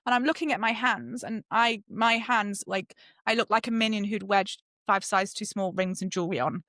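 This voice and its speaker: A middle-aged British woman, a podcast guest, telling a personal story in a lively way and acting out the voices she quotes. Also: moderate pace, no echo, studio quality. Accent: British English. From Britain. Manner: lively, acts out quoted voices with sudden high jumps. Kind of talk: animated storytelling.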